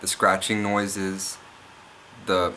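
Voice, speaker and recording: A young man vlogging, rambling excitedly through a spooky personal story, often restarting and repeating himself. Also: deep voice, very slow, a little hiss or hum. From Oklahoma. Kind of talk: casual storytelling vlog.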